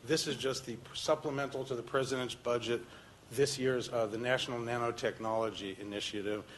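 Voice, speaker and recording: A man's voice: mid-range voice, fairly even intonation, fairly quick, slight background noise, rough recording. A man giving public testimony at a hearing, talking insistently with frequent "uh" fillers. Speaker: public commenter.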